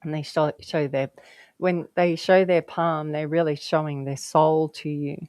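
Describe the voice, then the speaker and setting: A woman's voice: low voice, level tone, measured pace, a little mellow, dry recording. A woman guest telling stories in casual conversation, chatty and rambling, laughing often.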